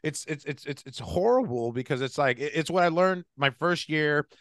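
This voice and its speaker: A man's voice: a little high, moderate pace, a bit bright, no room sound, studio quality. A young man hosting a podcast, chatting casually and profanely with lots of fillers. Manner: profane, rambling, filler-heavy. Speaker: podcast host.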